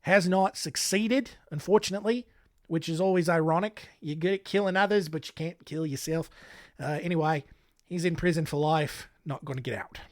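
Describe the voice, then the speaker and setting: A man's voice: fairly high pitch, moderate pace, no echo, clean studio sound. American man in a wobbly fake Australian accent. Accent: put-on Australian accent that wanders toward British, Scottish and Irish. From United States. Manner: rambling, self-mocking, blunt asides. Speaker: podcast host. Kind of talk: casual podcast narration.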